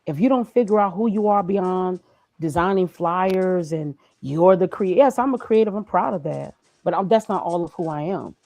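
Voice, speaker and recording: A woman's voice: lowish voice, moderate pace, dark tone, no echo. A woman, a graphic designer, being interviewed, talking in an emphatic, preachy way about her own experience. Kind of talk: casual motivational conversation.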